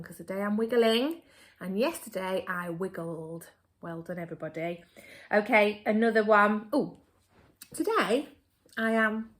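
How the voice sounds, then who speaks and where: An English woman teaching a remote phonics lesson to young children, upbeat and slow, stretching key words. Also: mid-range voice. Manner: upbeat, slow and exaggerated for children, my turn your turn. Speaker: primary school teacher.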